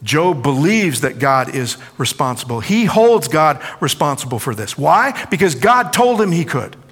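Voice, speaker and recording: A middle-aged man preaching a sermon with a slightly raised pitch. He swings between loud, pleading quotations and quiet, hushed asides. His voice carries with a long reverb through a large church hall. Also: sing-song, normal speed, breathy edge.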